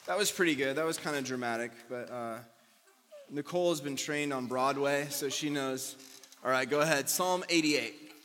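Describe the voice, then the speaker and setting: A man leading a casual sermon, coaching readers with jokes and brisk directions. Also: mid-range voice, fairly even intonation, fairly bright tone. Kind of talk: casual sermon with audience readings. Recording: reverberant hall, faint ambience.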